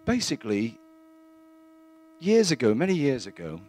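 A man giving a plain-spoken, earnest testimony in church, halting now and then with fillers. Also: mid-range voice, wildly swooping pitch, a little mellow.

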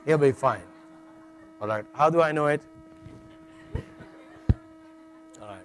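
Male preacher, sermon, middle-aged, fairly high voice, chatty and joking, steady mains hum behind. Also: slow. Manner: jokey, conversational, with frequent "all right" asides and restarts.

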